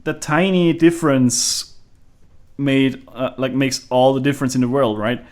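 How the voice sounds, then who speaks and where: A man's voice: mid-range voice, fairly even intonation, unhurried, darkish tone. A man in casual stream chat who laughs often and swears casually.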